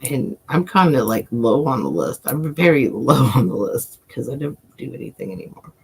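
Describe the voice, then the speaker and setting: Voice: mid-range voice, big pitch swings, moderate pace, gravelly, a little mellow, slightly rough. An adult livestream host and self-described coin nerd, chatting casually with viewers in a rambling way, swearing often and chuckling.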